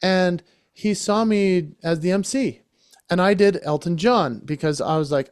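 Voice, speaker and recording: As a podcast guest, a man who works as an entertainer and speaker tells an enthusiastic story, talking casually into a close microphone. His high voice is clear and resonant at normal speed, with no echo.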